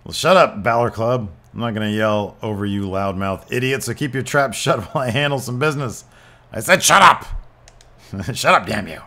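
A man voicing a brash male wrestler who taunts and shouts through a promo, reading it out over gameplay. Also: fairly low pitch, brisk, natural voice. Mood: taunting. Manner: cocky, taunting, shouting at the crowd.

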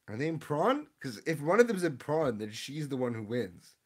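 A man's voice: mid-range voice, very animated, normal speed, husky. A young man live-streaming, reading his chat and opening card packs, confused and laughing, often repeating himself.

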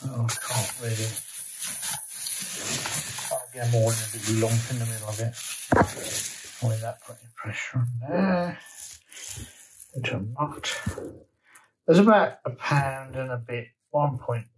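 A man talking at a slow, unhurried pace, with an ordinary mid-pitched voice. He chats casually to camera as a garden vlogger, thinking aloud and trailing off with fillers and restarts. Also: very noisy. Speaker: allotment vlogger.

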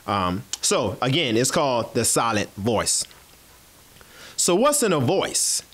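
A man's voice: medium pitch, slow. A man from South Carolina, chatting casually to his audience and then performing a spoken word poem. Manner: animated, chatty, addresses audience as y'all. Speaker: host.

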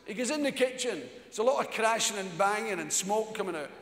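A man's voice: sits high, expressive, a little fast, fairly bright tone. A man with a Glaswegian Scottish accent telling profane stand-up stories and putting on his friends' voices, with audience laughter behind. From Scotland. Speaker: stand-up comedian. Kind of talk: stand-up storytelling. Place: large theatre on stage. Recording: echoey live theatre recording.

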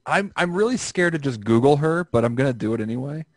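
A man's voice: mid-range voice, animated, quick pace, no room sound. A young man hosting a casual podcast over an online call, rambling and joking crudely. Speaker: podcast host.

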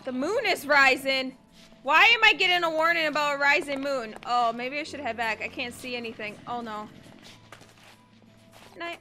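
A woman's voice: high voice, moderate pace, pushed and bright, slight background noise. A young woman hosting a casual game commentary, chatting to viewers, swearing freely and breaking into shrieks and laughter. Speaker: gaming host.

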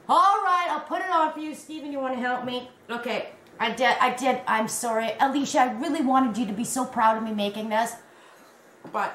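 A woman's voice: sits high, a bit bright, reverberant, slight background noise. A Canadian woman chatting casually to camera at home, rambling and calling her viewers guys. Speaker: crochet vlogger. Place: at home in a warm room.

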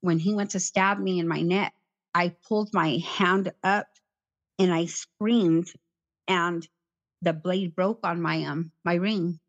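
Low-voiced woman recounting an ordeal. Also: steady tone. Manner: plain, halting, repeats herself. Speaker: interview guest, survivor. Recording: slightly muffled recording.

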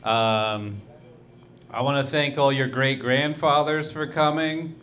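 A male stand-up comedian working through his set at an unhurried pace. His delivery rambles and halts, full of restarts and corrections, and his voice sits at an ordinary middle pitch. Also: steady tone, fairly bright tone.

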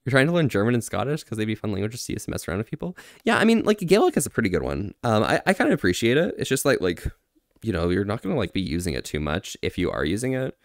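A man's voice: lowish voice, huge pitch swings, quick pace, dry recording, clean studio sound. A man streaming casually, answering chat, laughing often and trying out phrases in other languages with self-deprecating humor.

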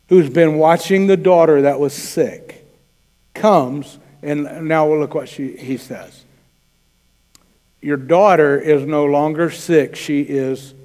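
Man, pastor preaching a sermon, fairly high voice, conversational with quoted dialogue, church hall reverb. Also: darkish tone. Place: church sanctuary.

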